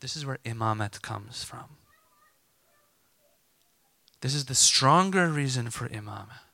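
Guy giving a sermon, super bright tone, dry close sound, gets loud and emphatic. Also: mid-range voice, unhurried, creaky, no room sound. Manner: animated, emphatic, voices imagined dialogue. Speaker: preacher.

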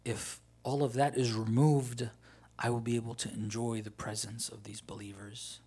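A man giving a sermon, moving between quiet reflective passages and loud, emphatic rhetorical questions. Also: medium pitch, level tone, normal speed, breathy edge. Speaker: religious speaker. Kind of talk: Ramadan sermon.

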